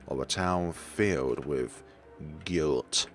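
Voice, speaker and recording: A man's voice: a bass voice, sing-song, unhurried, creaky, soft background music. A man casually commenting on a video game and reading its dialogue aloud. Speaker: let's play gamer.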